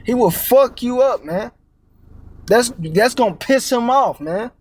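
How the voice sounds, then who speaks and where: This preacher's very high, darkish voice is animated yet measured in pace as he delivers an informal, profane street-style sermon. He tags his lines with "man" and "all right?" and stammers, repeating words while he hunts for what to say.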